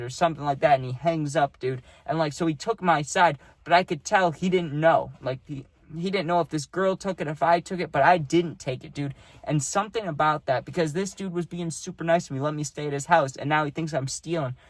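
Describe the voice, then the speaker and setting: A man's voice: fairly high pitch, a little fast, no room sound. A young man telling a personal story in a loose, profane, rambling way, full of fillers, recorded close to the mic. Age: young adult. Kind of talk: casual storytelling.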